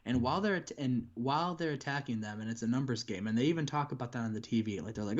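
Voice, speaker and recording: A man's voice: medium pitch, quick pace, muffled recording. A man co-hosting a game stream, recapping matches in a rambling way with many restarts. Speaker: co-host. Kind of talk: casual game recap chat.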